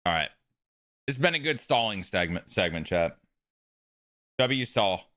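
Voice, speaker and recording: A man's voice: on the low side, expressive, unhurried, pushed and bright. A man live streaming a video game, chatting with his viewers in a casual, joking way and swearing freely. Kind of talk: live stream chat while gaming.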